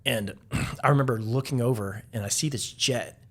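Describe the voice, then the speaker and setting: A Navy veteran appearing as a podcast guest tells stories casually in an interview, using lots of filler words and chuckling now and then. His voice is medium in pitch, fairly bright, and paced normally.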